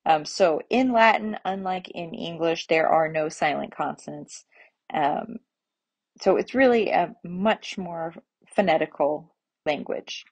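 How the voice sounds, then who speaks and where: A woman teaching pronunciation in a relaxed spoken lesson, patient and explaining step by step with examples. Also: lowish voice, a little slow, breathy edge, muffled recording. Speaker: Latin teacher.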